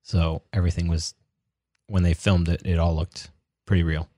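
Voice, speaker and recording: A man's voice: low-pitched, little pitch movement, moderate pace, mellow, dry recording, clean studio sound. A young man chatting casually as a podcast co-host, rambling with lots of fillers and restarts. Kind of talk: casual chat.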